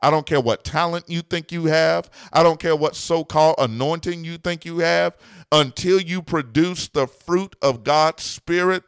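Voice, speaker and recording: A man's voice: on the high side, animated, normal speed, fairly bright tone, clean tone, no room sound, clean studio sound. A man who is a pastor and podcast host, talking in a preaching style and repeating key lines for emphasis.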